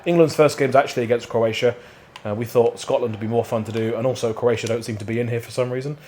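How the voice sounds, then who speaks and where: A man's voice: medium pitch, steady tone, quick pace, darkish tone, slight background noise. An English man hosting a show, chatting casually and joking while playing a game. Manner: upbeat, jokey banter. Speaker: host. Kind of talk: casual chat while gaming.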